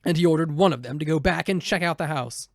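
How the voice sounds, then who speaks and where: A man reading a children's storybook aloud in an expressive, animated way. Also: fairly high pitch, fast, no echo, studio quality. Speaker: storybook narrator. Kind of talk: scripted storybook narration.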